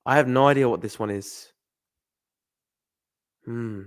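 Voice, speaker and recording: A young man with an Australian accent talks to his live-stream chat, muttering his guesses aloud and swearing freely. His voice sits at an ordinary middle pitch. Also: a little slow. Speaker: livestreamer. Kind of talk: casual live-stream commentary.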